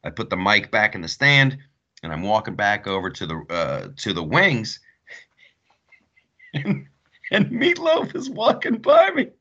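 A man's voice: fairly low pitch, unhurried, pauses often, slightly rough, lo-fi sound. A man hosting a podcast, a stand-up comic telling stories in a rambling, repetitive, joking way. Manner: rambling, repeats himself, animated storytelling. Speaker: podcast host and stand-up comedian. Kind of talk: casual comedic monologue.

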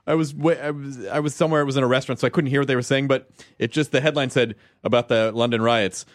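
A man hosting a casual podcast chat, riffing excitedly. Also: mid-range voice, fast, no echo, clean studio sound. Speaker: podcast host.

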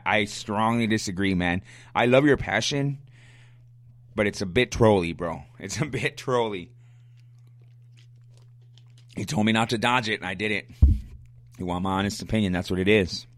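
A man's voice: medium pitch, no room sound. A man hosting a solo sports podcast, ranting bluntly and arguing back at listeners' questions, coughing now and then. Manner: fired-up, blunt, argumentative, repeats himself. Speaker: podcast host.

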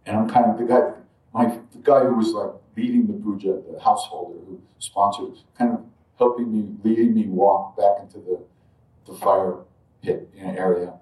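Low-voiced man telling a story in a roomy space. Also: moderate pace. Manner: reflective, drifts quiet then jumps loud when acting out moments. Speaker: spiritual teacher telling a story. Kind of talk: personal storytelling talk. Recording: roomy sound from a distant mic.

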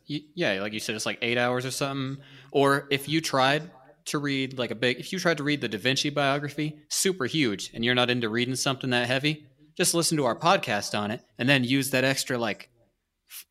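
A male podcast co-host speaking in a relaxed, agreeable way, often building on his partner's points. His voice has a bright, sharp edge at a middle pitch. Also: brisk. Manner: agreeable, laid-back chiming in. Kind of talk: casual podcast chat.

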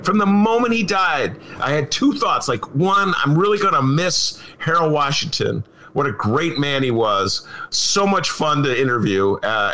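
A man's voice: mid-range voice, bright, forceful tone. A middle-aged man hosting a political talk show, opinionated and sarcastic, slipping into mocking impressions. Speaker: podcast host.

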